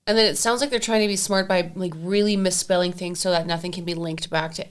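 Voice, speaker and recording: A woman's voice: fairly low pitch, fairly even intonation, clear, resonant tone. Chatty woman podcast host. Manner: chatty, reactive, quick questions. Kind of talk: casual chat.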